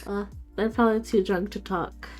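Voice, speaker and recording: A woman's voice: medium pitch, fairly even intonation, normal speed, soft background music. A woman playing a character in a tabletop game, giggly and playful, often hesitating. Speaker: player.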